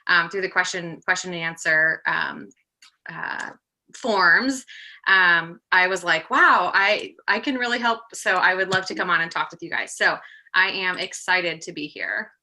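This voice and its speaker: Bright, chatty woman on a video call. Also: fairly low pitch, steady tone, unhurried. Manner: chatty, upbeat, frequent ums and laughs. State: slightly out of breath from pregnancy. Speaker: guest presenter, project manager. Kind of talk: casual webinar presentation. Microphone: computer mic on a video call.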